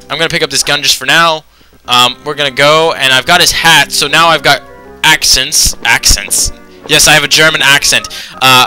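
A young man talks through a video game in a loose, rambling commentary, filling every pause with ums and anyways. His voice is very bright and sharp, with faint music under it. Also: fairly high pitch. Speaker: let's play commentator. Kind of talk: casual gameplay commentary.

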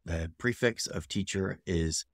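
A man teaching a casual video lesson, slowly repeating each word several times with relaxed fillers. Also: sits low, no room sound, clean studio sound. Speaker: language teacher.

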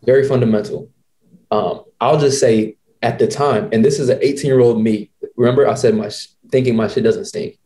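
A man in his twenties hosting a podcast, telling a story in an animated, slangy way. He often acts out other people's lines. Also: medium pitch, brisk. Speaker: podcast host. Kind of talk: casual storytelling.

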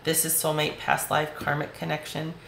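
A woman reads tarot cards for her viewers, chatty and reassuring as she speaks right to them. Her voice is hoarse and gravelly from talking. The sound is roomy and echoey, with a faint hiss behind it. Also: low voice, completely flat delivery, normal speed, fairly bright tone. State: voice going hoarse. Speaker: tarot reader. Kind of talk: tarot reading video.

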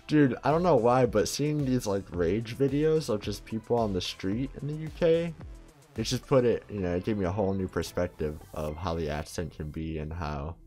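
Low-voiced laid-back American guy. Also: normal speed, mellow, soft background music. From United States. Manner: laid-back, rambling, lots of fillers. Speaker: reaction video host. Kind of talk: casual reaction commentary.

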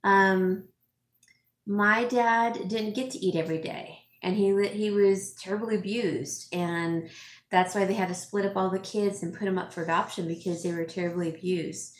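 In an echoey room with a little hiss or hum, a middle-aged woman, a home stager and vlogger, casually reads comments from viewers. Her medium-pitched voice keeps a steady tone at normal speed, though she's emotional, teary and sniffling, with frequent laughs and fillers.

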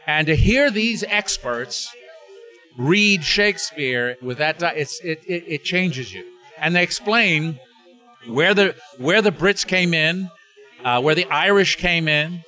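A man's voice: a little high, pushed and bright. An older man, an actor, chatting as an interview guest, rambling with many restarts and fillers. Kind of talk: casual interview chat.

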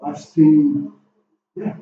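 A man's voice: fairly high pitch, completely flat delivery, extremely slow, a little hiss or hum. A man preaching a sermon as pastor, impassioned and firing off rhetorical questions in a church hall. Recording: echoey, distant, dull room recording.

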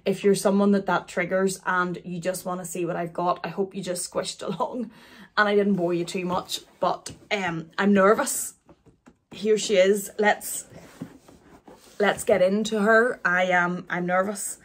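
A woman, chatting through an unboxing in a halting, emotional way, with many restarts. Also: fairly low pitch, flat delivery. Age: 40s. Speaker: luxury vlogger.

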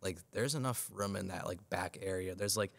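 A teenage boy on a school podcast talks in a loose, casual way, hammering home his opinions by saying them twice. His voice is low and steady. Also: moderate pace, gravelly. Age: teens. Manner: emphatic, repeats his points. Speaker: student podcast co-host. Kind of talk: casual chat.

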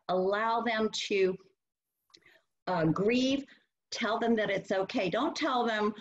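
A woman's voice: on the high side, unhurried. A woman presenting a workshop and teaching caregivers, earnestly acting out what to say to a child. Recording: muffled lo-fi webinar audio.

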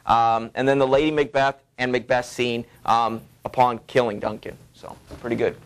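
A male teacher giving a classroom literature lecture in a halting way, full of fillers, stopping to read passages aloud. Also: medium pitch, fairly even intonation, clear, resonant tone, faint music behind.

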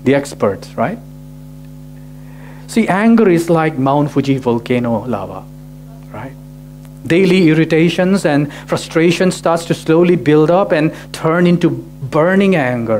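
A man's voice: fairly high pitch, a little mellow. A male pastor preaching a sermon, asking rhetorical questions and often adding "right?" to his sentences. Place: church gathering.

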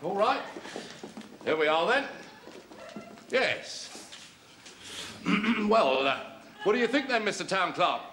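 An actor playing a brash, coarse, bossy working-class warden. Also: male voice, high voice, very animated, slow pace, long pauses, fairly bright tone, heavily acted. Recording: roomy old TV soundtrack with hiss.

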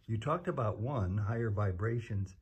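A man's voice: on the low side, normal speed, a little mellow, breathy edge. A man interviewing a guest, prompting and summing up his points. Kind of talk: conversational interview.

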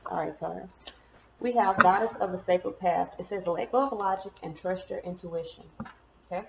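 Gravelly low-voiced woman reading tarot. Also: fairly even intonation, moderate pace, reverberant, background noise. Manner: chatty, swears and laughs at herself. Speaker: tarot reader.

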